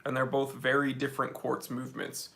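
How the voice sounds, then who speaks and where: Bright-voiced man hosting a livestream. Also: medium pitch, monotone, fairly quick, vocal fry. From New England. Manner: upbeat, reads viewer comments aloud. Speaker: livestream host. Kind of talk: casual livestream chat. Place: office.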